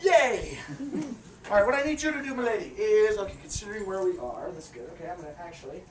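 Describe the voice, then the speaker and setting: A man doing a live comedy act for a crowd on an outdoor fair stage, loud and teasing, with crude jokes and bursts of shouting. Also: sits high, expressive, fast. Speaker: fire performer and street-show comedian. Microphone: camera far from the stage. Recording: distant, echoey, noisy amateur video.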